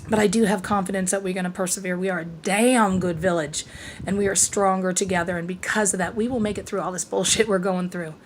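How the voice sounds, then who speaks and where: Here a middle-aged woman confides in her vlog audience at a quick pace, her mid-range voice holding a steady tone. She's short of breath, her voice worn, and she swears without restraint, drifting off mid-sentence and picking back up. Some light background noise is audible.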